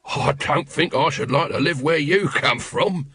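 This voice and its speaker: A man's voice: on the high side, a little slow, gravelly, bright, forceful tone, heavily acted. A man doing a shifty, cynical old watchman. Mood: cynical, evasive. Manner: mumbling, rambling and evasive. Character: shifty seasoned male watchman, lazy and cynical.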